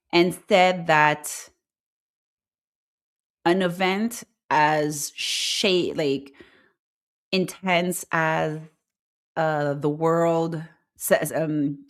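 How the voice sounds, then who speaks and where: Female show host with a lowish voice, blunt and animated, casual rant to a live chat. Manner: animated, blunt, talks to viewers as "y'all". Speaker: host of an online talk show. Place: lives in Quebec, Canada.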